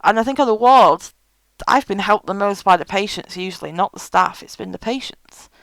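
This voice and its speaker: A woman's voice: mid-range voice, normal speed, vocal fry, no room sound, rough recording. A woman giving frank, chatty advice in a casual vlog, with many fillers. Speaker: vlogger.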